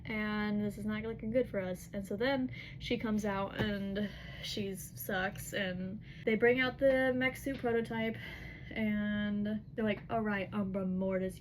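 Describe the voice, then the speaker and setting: A young woman casually retelling a novel's chapters, chatty and full of fillers, slipping into quick quoted lines in her own voice. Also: medium pitch, darkish tone, a little hiss or hum, low-quality recording. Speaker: book recap vlogger. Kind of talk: casual book recap.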